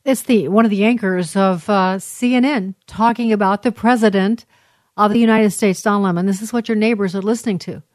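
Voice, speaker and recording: A talk show host rambles through commentary on news clips, often pausing and restarting. She is a woman with a mid-range voice, and the recording is dry with no room sound. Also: medium pitch, fairly even intonation, a little mellow, no room sound. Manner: rambling, many fillers and restarts.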